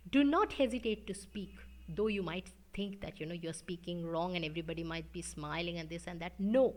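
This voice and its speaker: Expressive Indian woman teaching English. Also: lowish voice, brisk. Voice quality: expressive, sing-song delivery with sudden drops to a whisper. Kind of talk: lecture to students.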